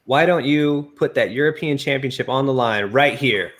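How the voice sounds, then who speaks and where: A man's voice: medium pitch, normal speed, a bit bright, close to an everyday voice. A man playing a brash male wrestler who taunts his rivals emphatically. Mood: taunting.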